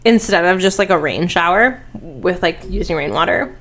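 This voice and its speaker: Rambling crude podcast woman, lowish voice. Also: lively intonation, normal speed, fairly bright tone. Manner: rambling, crude, chatty storytelling. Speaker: podcast co-host. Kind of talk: casual chat.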